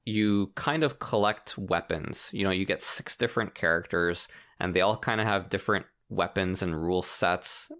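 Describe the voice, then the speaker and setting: A man co-hosting a casual podcast, explaining a game in an animated way and laughing often. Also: deep voice, normal speed, few pauses. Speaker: podcast co-host. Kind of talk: casual chat about video games.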